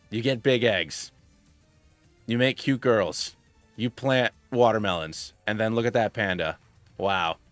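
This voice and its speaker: Rambling streamer man, low voice. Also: dry recording. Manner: rambling, excitable, many restarts and tangents. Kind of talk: casual gaming stream chat.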